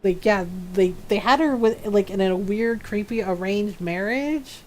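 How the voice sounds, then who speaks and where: A woman's voice: medium pitch, a little slow, slight background noise. Chatty woman streamer, rambling storyteller. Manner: rambling, heavy on filler words; animated, acts out quoted dialogue. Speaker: game streamer. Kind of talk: casual storytelling chat while gaming.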